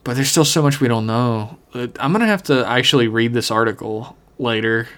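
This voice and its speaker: A man's voice: mid-range voice, brisk, fairly bright tone. A man co-hosting a casual podcast, reading listener emails aloud and chatting loosely with fillers and swearing. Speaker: podcast co-host.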